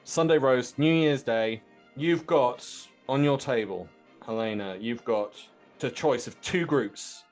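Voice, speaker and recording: A man's voice: mid-range voice, slow, darkish tone, soft background music. Playful podcast host, man. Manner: playful, laughs often, sets up questions. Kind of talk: casual political chat.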